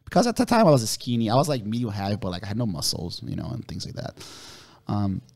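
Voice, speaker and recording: Gravelly low-voiced man telling stories. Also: fast talker. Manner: animated, swears freely, relives the moment. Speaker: guest. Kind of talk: casual storytelling.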